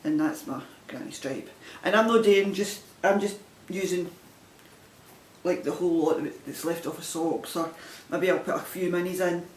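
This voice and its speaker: Chatty Scottish woman in an echoey room. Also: moderate pace. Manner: chatty, self-deprecating, meandering. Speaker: crafting video podcaster. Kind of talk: casual show-and-tell chat. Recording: roomy echo, faint rumble.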